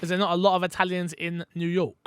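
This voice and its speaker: A man hosting a casual gaming podcast, telling stories in an animated, jokey way. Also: high voice, fast talker, clean tone, dry recording, studio quality. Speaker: podcast host.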